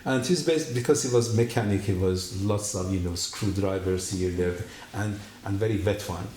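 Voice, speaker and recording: A man giving his personal testimony at a church, telling his story in an animated way and acting out the dialogue. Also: on the low side, normal speed, background noise. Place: church hall. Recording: echoey room.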